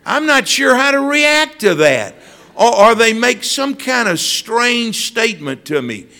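A man's voice: very high voice, sing-song, a little slow, bright, forceful tone. A man preaching a sermon, telling stories and addressing listeners by name.

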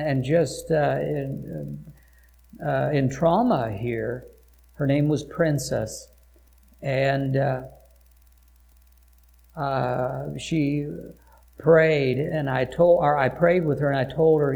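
A male pastor preaches through a personal story, hesitating often and circling back over his words. His voice has a gravelly, creaky edge. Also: on the high side, takes it slowly, dark tone. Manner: hesitant, frequent filler sounds and restarts. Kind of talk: storytelling sermon.

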